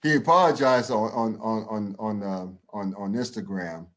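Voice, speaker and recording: A man's voice: on the low side, normal speed, a bit bright. A man co-hosting a casual podcast, talking bluntly and emphatically, swearing freely and restarting his sentences. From United States. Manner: profane, emphatic, with many restarts. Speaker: podcast co-host. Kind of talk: casual opinion chat.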